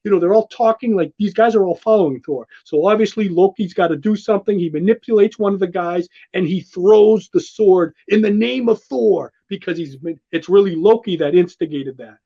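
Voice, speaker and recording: Excitable high-voiced man gushing. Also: brisk, few pauses. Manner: excitable, gushing, rambling with restarts. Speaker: show host walking through a comic. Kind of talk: enthusiastic casual commentary. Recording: dull lo-fi sound.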